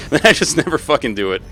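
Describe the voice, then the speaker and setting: A male game streamer talks casually as he plays, his voice lively and swinging up and down in pitch. His tone is bright and forward, and he swears freely and gets worked up easily. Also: a little hiss or hum. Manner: profane, excitable, quick to swear and laugh. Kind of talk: casual gaming stream chat.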